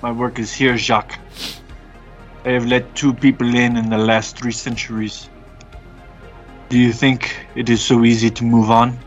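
A man's voice: mid-range voice, flat delivery, a little slow, pauses often, muffled recording, soft background music, lightly acted. A man voicing a centuries-old male guardian of an arboretum in a tabletop game, speaking in a formal, grieving and defiant way. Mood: weary defiance.

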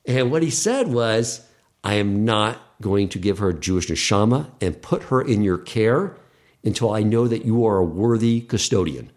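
Earnest low-voiced man telling a story. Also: moderate pace. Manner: earnest, animated retelling with quoted dialogue. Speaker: podcast guest. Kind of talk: casual storytelling.

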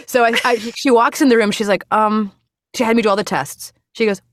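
A middle-aged woman in casual conversation, telling a story fast and with energy and acting out the voices of other people. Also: fairly high pitch, fairly even intonation, dry recording, studio quality. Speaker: interview guest.

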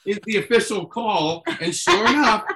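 A man chatting casually as a guest, telling stories in an animated way with lots of fillers and the odd swear word. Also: high voice, moderate pace, a little hiss or hum. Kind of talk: casual chat.

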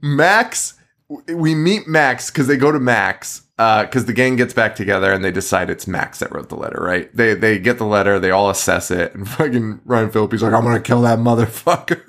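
A man's voice: lowish voice, moderate pace, gravelly, fairly bright tone. A man co-hosting a horror film podcast, telling the story in a loose, profane, laughing way. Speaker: podcast co-host. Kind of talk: casual film podcast chat.

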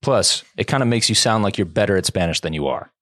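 A man co-hosting and producing a podcast in a studio, chiming in and agreeing in quick banter. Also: on the low side, expressive, a bit bright, dry recording. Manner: quick, agreeable, chuckling along. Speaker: producer and co-host.

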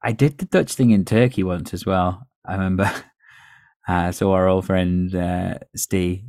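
A man hosting a podcast, telling stories in a relaxed, chatty way with a North West English accent. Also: low-pitched, measured pace, no echo, studio quality. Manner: storytelling, chatty with laughs. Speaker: podcast host. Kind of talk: casual chat.

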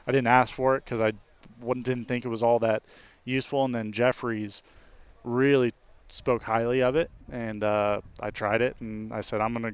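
A man, a baseball pitcher, talking casually in an interview, relaxed, with fillers and restarts. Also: normal speed, clean tone, no room sound. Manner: relaxed, with many fillers and restarts, laughs easily.

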